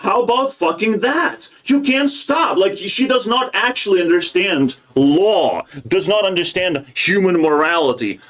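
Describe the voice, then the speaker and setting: A young man delivers a heated, profanity-laced political rant, agitated and scornful as he reacts to what he is watching. His voice sits a little higher than most men's. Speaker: political commentator. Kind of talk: ranting reaction commentary.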